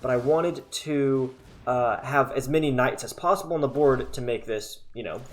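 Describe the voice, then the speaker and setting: A man's voice: medium pitch, normal speed. A man casually commentating his own card game match, chatty and sarcastic, thinking aloud as he plays. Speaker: gaming content creator.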